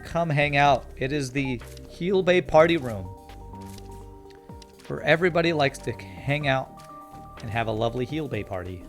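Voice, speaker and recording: A man's voice: medium pitch, expressive, moderate pace, long pauses, faint music behind. A man from Canada streaming a video game, reading chat and playing up an overly polite, apologetic manner. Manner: mock-polite, cheery and apologetic.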